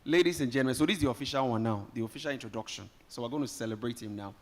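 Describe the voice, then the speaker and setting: Nigerian male emcee, mid-pitched, jokey and rousing with a live crowd. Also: very fast, few pauses, soft background music. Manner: lively, joking, rallies the audience. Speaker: event host. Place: conference hall, live audience.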